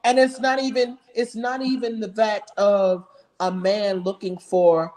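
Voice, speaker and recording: A man's voice: high voice, level tone, unhurried, a little mellow. A man on a talk show panel, speaking earnestly and openly about emotion, with a preaching lilt.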